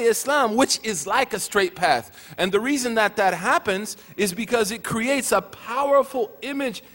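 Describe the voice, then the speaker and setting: A man with a high, slightly bright voice gives a teaching talk at a religious gathering, mixing joking asides with earnest points. The hall has a long echo.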